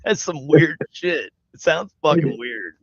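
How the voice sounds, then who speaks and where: A man's voice: fairly high pitch, lively intonation, a little slow, no room sound, dull audio. A man co-hosting a podcast in casual banter, argumentative, swearing often and stumbling over his words. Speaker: podcast co-host. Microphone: headphones on.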